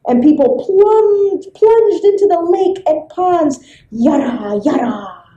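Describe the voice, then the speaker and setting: A woman librarian reading a folk tale aloud to children, expressive and full of sound effects. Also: very high-pitched, takes it slowly, roomy sound, muffled recording. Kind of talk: storybook read-aloud for children.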